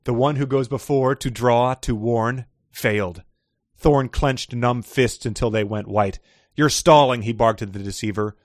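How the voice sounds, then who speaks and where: A man's voice: medium pitch, steady tone, a little slow, no echo, studio quality. A man hosting a casual podcast chat, reading passages aloud with expression and laughing often. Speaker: podcast host reading excerpts.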